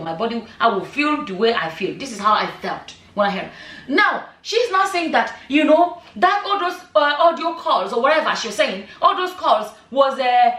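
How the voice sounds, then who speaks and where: A woman's voice: on the high side, a bit bright. A middle-aged woman giving casual vlog commentary, emphatic and full of rhetorical questions and "you know" asides. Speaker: vlogger. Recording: echoey room, voice a bit far from the mic.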